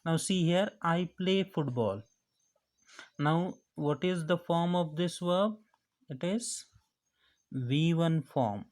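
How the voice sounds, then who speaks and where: A man's voice: fairly high pitch, animated, takes it slowly, long pauses, darkish tone. A man teaching a grammar lesson, explaining each step patiently and repeating the key phrases. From India.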